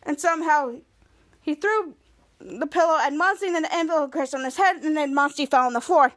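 A woman hosts a podcast and recaps a TV episode in a casual, rambling way. She keeps restarting her sentences, and her voice sits very high. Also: brisk, a bit bright. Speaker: podcast host.

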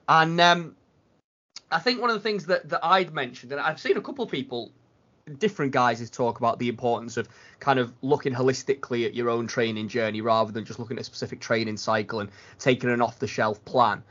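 Man, podcast host, rambling casual chat, slightly high, lo-fi sound. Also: fairly bright tone. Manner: rambling, restarts a lot. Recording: dull lo-fi sound.

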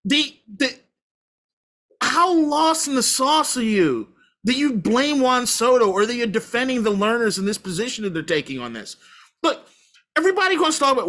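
A sports podcast host in full rant, swearing and hammering the same words again and again. The voice leaps all over its range with a bright, cutting edge. It sounds like casual sports talk that has boiled over. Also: medium pitch, big pitch swings, normal speed. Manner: heated, profane ranting; emphatic repetition.

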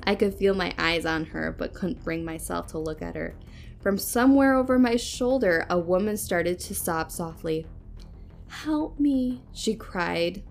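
A woman podcast host reading a spooky story aloud in a hushed, suspenseful way. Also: lowish voice, normal speed, vocal fry, soft background music.

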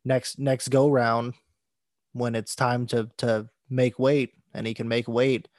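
A man's voice: medium pitch, slow pace, dry recording. A man co-hosting a podcast, giving his takes in casual sports chat and often restarting his sentences. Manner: flat, repeats words as he restarts. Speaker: podcast co-host.

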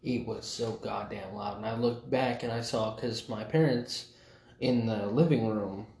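Blunt profane man, gravelly voice, echoey room. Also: lowish voice, unhurried, darkish tone. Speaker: podcast co-host. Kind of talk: casual banter. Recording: echoey room with faint noise.

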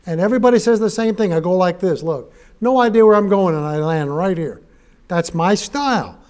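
Folksy man preaching, bright high voice, joking asides, emphatic scripture. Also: a little fast, clean tone. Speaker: guest preacher. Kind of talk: sermon. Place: church sanctuary.

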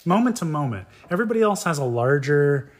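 A man co-hosting a casual podcast chat, with dry, deadpan sarcasm. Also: fairly high pitch, fast talker. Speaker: podcast co-host. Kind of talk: casual chat about a reality show.

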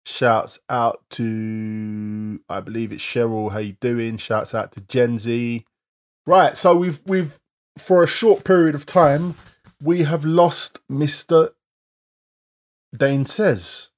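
A man co-hosts a live-streamed podcast. He chats casually in a middle pitch and reels off shout-outs to viewers in quick lists. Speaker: podcast co-host.

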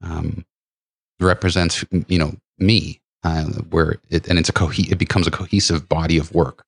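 A man with a very deep voice hosting a podcast interview. He chats casually and rambles, restarting his sentences and filling pauses with "like" and "um." The sound is dry and close to the mic. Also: little pitch movement, creaky, no echo. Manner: rambling, many restarts and fillers. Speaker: podcast host.

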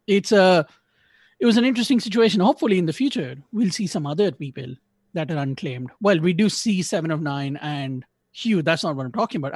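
Male podcast host, slightly higher voice, dry close sound, rambling casual review. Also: no room sound. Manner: rambling, self-correcting, joking asides. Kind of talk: casual episode review chat.

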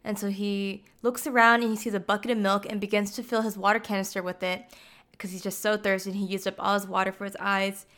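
A woman's voice: medium pitch, level tone, fast talker, fairly bright tone. A woman casually retelling a film's plot, chatty and full of "like" fillers. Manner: chatty, heavy use of "like" fillers. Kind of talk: casual film plot recap.

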